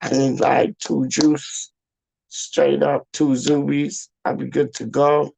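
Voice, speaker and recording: Guy rambling late at night at home, real gravelly voice, kinda high, keeps saying dog. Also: little pitch movement, takes it slowly, darkish tone, rough recording. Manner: keeps saying "dog" and "how you mean", sings football chants. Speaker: vlogger. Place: home, just out of the shower.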